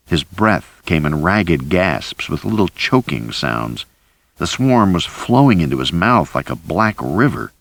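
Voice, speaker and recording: A man reading a thriller audiobook in first person, with a steady, deep delivery. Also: gravelly, no echo. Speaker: audiobook narrator. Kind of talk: scripted first-person narration.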